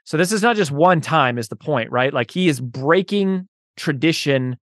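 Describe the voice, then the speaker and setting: Recorded in studio quality without room sound, this man has a slightly high voice, lively intonation, and a moderate pace. He hosts a relaxed Bible teaching session, conversational and full of "right?" and "you know," and his preaching about love grows forceful and loud.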